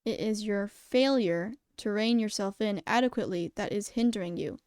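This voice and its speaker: A woman reading aloud and voicing a calm, formal male animal school principal who speaks in measured, polite, precise sentences. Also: medium pitch, clear, resonant tone, no echo, clean studio sound, close to an everyday voice.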